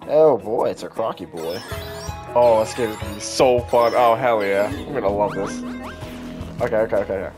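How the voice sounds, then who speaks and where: A man's voice: on the low side, moderate pace, music in the background. A man hosting a casual gameplay video, reacting sarcastically and swearing freely. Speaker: gaming channel host. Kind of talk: casual let's-play commentary.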